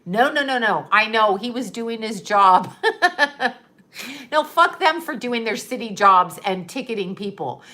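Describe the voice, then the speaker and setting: A woman's voice: on the high side, lively intonation, measured pace, pushed and bright. A middle-aged woman telling a story in a casual, blunt and sarcastic way, swearing freely and laughing often. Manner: ranting, profane, laughs often.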